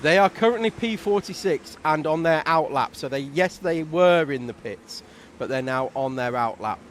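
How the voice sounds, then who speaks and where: A man doing relaxed, chatty commentary on a live race stream, explaining things at length. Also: on the high side, moderate pace, a little hiss or hum.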